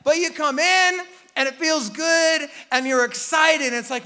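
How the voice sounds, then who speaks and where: A man with a very high, bright, sharp-edged voice preaches to his church, animated and quick to joke as he acts out the voices in people's heads. His words ring out with a long hall reverb. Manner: animated and joking, acting out inner voices. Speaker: pastor. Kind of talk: sermon.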